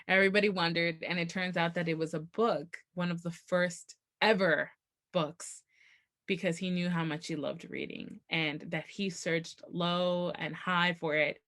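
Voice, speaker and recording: A woman co-hosting a casual book podcast, retelling the plot in an animated way and quoting the characters. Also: on the low side. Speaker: podcast co-host.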